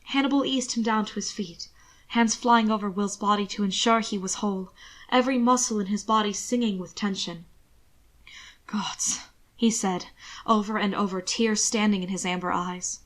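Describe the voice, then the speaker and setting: A woman narrating fan fiction in a measured, expressive storytelling voice. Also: mid-range voice. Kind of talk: reading fan fiction aloud.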